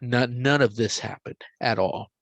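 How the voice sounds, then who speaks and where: A man's voice: medium pitch, measured pace, no echo. Man telling a spooky story, dry mic. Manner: animated retelling with hushed quoted whispers. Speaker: podcast host telling a story. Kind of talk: casual storytelling.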